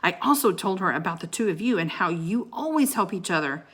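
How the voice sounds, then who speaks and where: A woman voicing a calm, gentle girl who speaks softly in a storybook. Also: on the low side, a little fast, slightly rough. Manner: soft, hushed.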